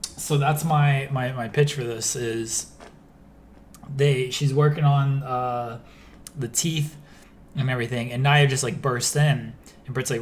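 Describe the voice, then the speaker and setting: A man's voice: medium pitch, steady tone, a little slow. Brief: laid-back male co-host, medium voice, chatty and rambling over a faint hiss. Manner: loose, rambling, with frequent laughs and fillers. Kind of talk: casual chat while playing a game.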